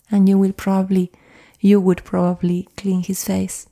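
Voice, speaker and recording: A middle-aged woman hosting a self-help podcast, talking gently and soothingly to listeners and sometimes dropping into a whisper. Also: medium pitch, completely flat delivery, moderate pace, gravelly. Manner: soft and soothing, drops into whispers at times. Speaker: podcast host and coach.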